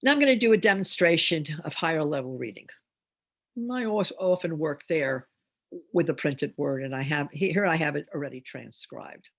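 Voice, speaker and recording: Gravelly older woman teaching phonics. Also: low voice, expressive. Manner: sounds out phonemes slowly and deliberately. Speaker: reading teacher. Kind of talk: instructional demonstration.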